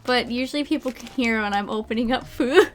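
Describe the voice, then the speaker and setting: A woman's voice: fairly high pitch, a little fast, soft background music. A woman streamer chatting casually and rambling with lots of fillers while snacking. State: eating while talking. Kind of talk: casual chat.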